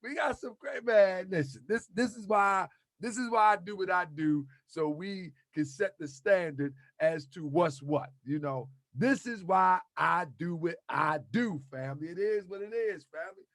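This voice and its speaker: A man hosting a livestream, talking in a lively, chatty way and urging viewers to share it. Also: high voice, moderate pace, no echo. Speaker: livestream host. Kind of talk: casual livestream talk.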